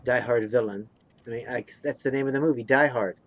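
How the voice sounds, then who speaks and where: A man chatting casually as a host, relaxed and rambling, chuckling now and then. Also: mid-range voice, brisk. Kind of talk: casual chat.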